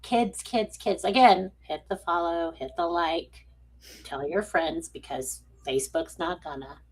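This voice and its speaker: A woman's voice: fairly low pitch, unhurried, husky. Playful woman hosting a livestream. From United States. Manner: playful and teasing, casual swearing. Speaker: psychic medium host. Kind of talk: casual livestream chat.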